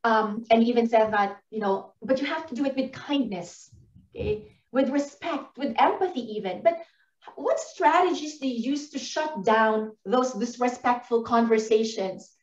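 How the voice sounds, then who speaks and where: A woman moderator with a high voice asks a chatty question on stage. She sounds far from the mic, in an echoey hall on dull, muffled audio. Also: animated, normal speed.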